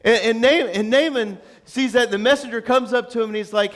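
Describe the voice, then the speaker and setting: A male pastor preaching a sermon, retelling the story in an animated, joking, conversational way. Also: very high voice, brisk.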